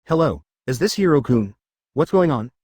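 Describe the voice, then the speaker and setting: A man voicing a gentle married woman answering a call, in a fan fiction reading. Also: medium pitch, big pitch swings, normal speed, no echo, clean studio sound.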